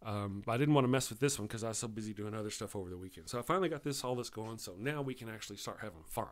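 A man's voice: fairly low pitch, racing. A man hosting a live stream show, talking in a chatty, rambling way and often correcting himself.

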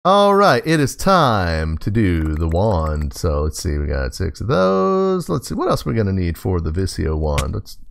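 A man's voice: low-pitched, wildly swooping pitch, normal speed, gravelly, hardly any pauses. A man casually commenting on his game as he plays, chatting to in-game animals and laughing often. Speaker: gaming host. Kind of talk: casual let's play commentary.

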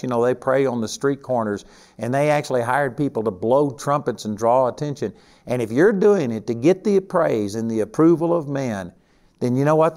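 An older Texan Bible teacher with a Texan accent delivers a sermon in a folksy, conversational manner, leaning hard on emphatic stresses. His mid-range voice carries a darkish tone.

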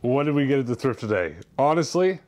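A man vlogging about his thrift store finds in an animated, chatty, jokey way. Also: medium pitch, fast, very noisy. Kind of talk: casual chat.

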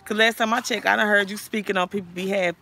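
Bright-voiced woman ranting on a livestream. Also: medium pitch, steady tone, quick pace, vocal fry, a little hiss or hum. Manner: profane, confrontational, calls out viewers directly. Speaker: livestream host. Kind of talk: heated livestream rant.

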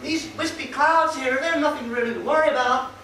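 A man putting on a high, singsong American accent to mock a soothing woman TV weather presenter. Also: brisk, sharp tone. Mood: falsely soothing. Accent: put-on American. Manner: mocking, exaggerated reassurance. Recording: roomy hall, far from mic, faint noise.

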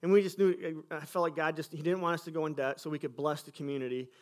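A man's voice: a little high, steady tone, quick pace. A man from Michigan, a pastor giving a sermon testimony in a school cafeteria, telling his church's story earnestly and acting out conversations.

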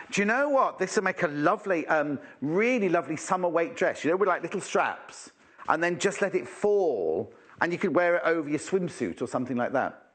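A man's voice: sits high, fairly bright tone. A man presenting a live shopping channel in a chatty, teasing way, full of exclamations.

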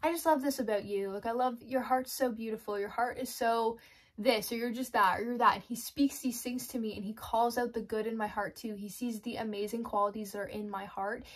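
A woman's voice: fairly high pitch, fairly even intonation, brisk. Chatty woman sharing faith, laughing often. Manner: chatty, laughs often, acts out her own inner voice. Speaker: Christian devotional vlogger. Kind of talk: casual faith talk to camera.

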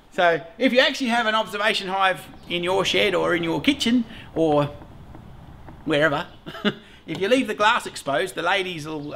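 A man's voice: sits high, gravelly, sharp tone, slight background noise. A middle-aged Australian man hosting a casual beekeeping vlog, rambling along, swearing freely and laughing often. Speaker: beekeeper host.

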